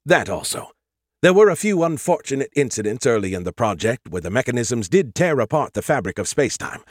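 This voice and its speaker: Smug know-it-all AI, put on by a male audiobook narrator: condescending, animated, bone-dry read. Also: mid-range voice, a little fast, no room sound. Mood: explaining. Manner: condescending, lecturing. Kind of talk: audiobook character voice.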